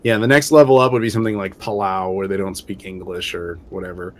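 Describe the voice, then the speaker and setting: Speaking fast in a low-pitched voice, this man is a show regular making casual conversation on a game stream. His stories wander, and he fills them with plenty of fillers in a laid-back way.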